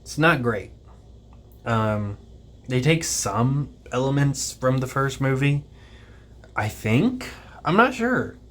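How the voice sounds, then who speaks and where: A man's voice: mid-range voice, big pitch swings, slow pace, long pauses, fairly bright tone. A man giving a casual spoken film review, rambling and offhand with plenty of ums and casual swearing. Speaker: movie reviewer.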